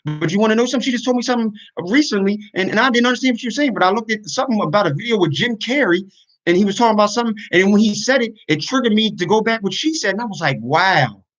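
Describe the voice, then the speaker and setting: A man's voice: high-pitched, animated, rapid-fire, fairly bright tone, lo-fi sound. Earnest man venting on a livestream. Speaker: YouTuber and podcaster. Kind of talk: casual livestream talk.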